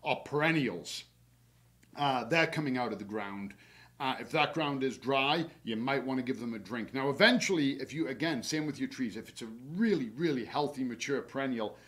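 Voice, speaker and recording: A man, a horticulturist, hosting a casual garden webinar, talking in a relaxed, chatty way with plenty of fillers and practical tips from his own yard. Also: medium pitch, normal speed. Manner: chatty and relaxed, many fillers, laughs at himself.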